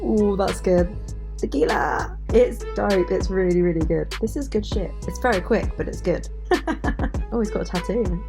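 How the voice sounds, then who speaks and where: Slow, gravelly-voiced woman gushing. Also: medium pitch, music in the background. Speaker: guest reactor. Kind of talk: casual reaction commentary.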